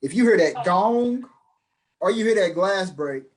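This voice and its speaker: Male podcast co-host, higher register, loose rambling delivery, self-deprecating. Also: animated, measured pace. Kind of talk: casual chat.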